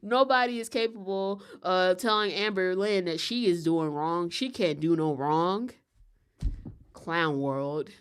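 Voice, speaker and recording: A woman's voice: fairly low pitch, slow, clean tone. A woman giving casual reaction commentary in a sarcastic, exasperated way.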